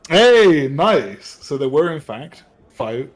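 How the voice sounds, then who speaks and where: A man running a tabletop game as dungeon master, laughing often and getting animated as he narrates. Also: fairly high pitch, slow pace, a little hiss or hum. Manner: laughs often, animated when voicing characters.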